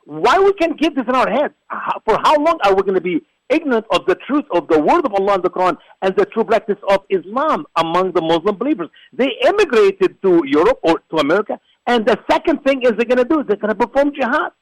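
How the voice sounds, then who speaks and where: Man, high voice, very lively pitch, forceful and repetitive, talk show guest. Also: quick pace, few pauses, dry recording, poor audio. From Egypt. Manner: forceful, repetitive, preacher-like emphasis. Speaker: guest, ministry founder. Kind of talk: emphatic religious talk show commentary.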